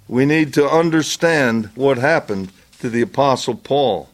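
A man preaching a sermon, deliberate and earnest, building to impassioned pleading. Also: medium pitch, expressive.

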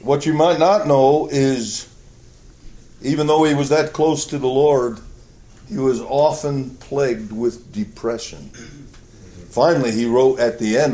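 A man's voice: medium pitch, steady tone, unhurried, dark tone. A male preacher delivering a sermon, telling a story with emphatic, storytelling delivery. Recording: echoey church hall.

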